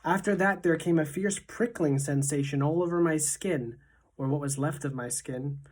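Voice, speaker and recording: A woman teacher reading a children's novel aloud in a measured, expressive way. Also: low voice, husky.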